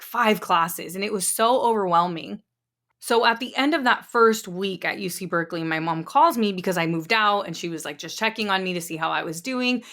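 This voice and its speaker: A woman's voice: mid-range voice, fairly bright tone. A woman in her thirties hosting a podcast, telling personal stories in a candid, encouraging, conversational way. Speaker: podcast host. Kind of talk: personal storytelling.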